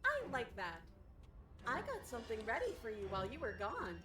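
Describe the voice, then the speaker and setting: An actress voicing a playful, menacing princess with a body of blades, in a video game, teasing and sing-song. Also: female voice, a little high, wildly swooping pitch, normal speed. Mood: eager. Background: game music.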